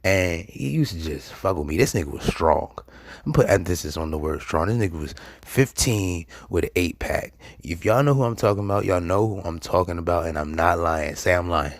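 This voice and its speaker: A young man hosting a show, telling a personal story in a loose, slangy, animated way and laughing often. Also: sits low, brisk, few pauses, no room sound, studio quality. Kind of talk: casual storytelling monologue.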